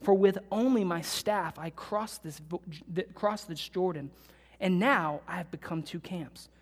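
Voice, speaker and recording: A woman pastor preaching an earnest sermon, building to loud emphatic bursts when she quotes scripture. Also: fairly low pitch, measured pace. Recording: long reverb of a large hall.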